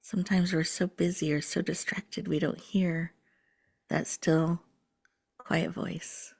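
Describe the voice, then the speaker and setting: A woman host leading a slow, soothing guided breathing meditation, sometimes dropping to a whisper. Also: fairly low pitch, level tone, gravelly, darkish tone, breathy edge.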